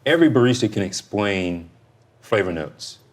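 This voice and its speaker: A man coaching a competitor in casual, blunt, relaxed talk. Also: on the low side, normal speed.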